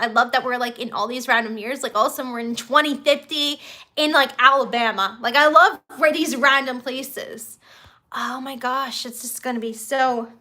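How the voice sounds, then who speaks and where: A young woman hosting a casual live stream from home, chatty and excitable, full of fillers and restarts. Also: high-pitched. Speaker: YouTube host of a live stream.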